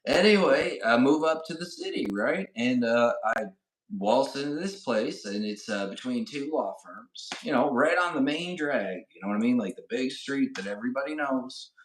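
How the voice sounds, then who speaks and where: A man's voice: medium pitch, lively intonation, moderate pace, a little hiss or hum. A middle-aged man co-hosting a podcast, telling a casual story and often checking in with "right?" and "you know". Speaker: podcast co-host. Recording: roomy echo.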